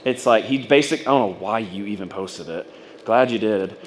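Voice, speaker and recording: A man's voice: lowish voice, normal speed, a little hiss or hum. A man telling a personal story to a room of fellow business owners, rambling and casual, acting out what people said. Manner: rambling and casual, full of fillers and acted-out quotes. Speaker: speaker at a business training event. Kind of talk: personal story told to an audience.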